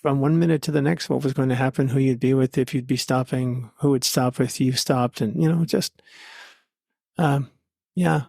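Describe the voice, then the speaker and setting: A man speaks as a podcast guest, recounting his experiences in an earnest, heartfelt way. His voice sits at an ordinary middle pitch. The sound is dry and close, with no room echo. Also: steady tone, normal speed, gravelly, a little mellow. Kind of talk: conversational storytelling.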